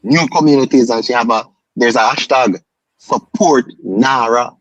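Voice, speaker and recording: A man's voice: medium pitch, moderate pace, no echo, muffled recording. A man co-hosting a live stream in easygoing casual chat, often repeating his words. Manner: easygoing, repeats words, calls others neighbor.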